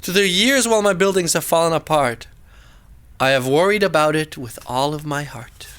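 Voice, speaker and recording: Man narrating a rhyming storybook, high bright voice, sing-song and dramatic. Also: moderate pace, clean tone. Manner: sing-song rhyming delivery, pitch swooping up and down.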